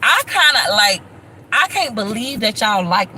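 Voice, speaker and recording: Bright-voiced chatty woman vlogger. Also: mid-range voice, sing-song, a little slow, slight background noise, poor audio. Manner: chatty, shouts out thanks to viewers. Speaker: YouTube vlogger on a live stream. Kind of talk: casual live-stream chat.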